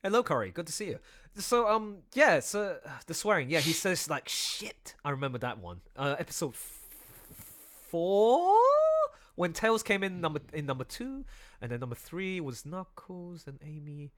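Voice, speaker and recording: Man, casual stream chat, bright, lively pitch. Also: moderate pace. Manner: excitable, laughing, breaks into song and silly voices. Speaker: streamer drawing comics.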